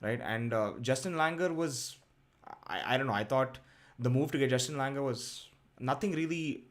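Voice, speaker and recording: A man co-hosts a cricket podcast at medium pitch and normal speed, chatting casually. He sounds hesitant, with lots of fillers and restarts.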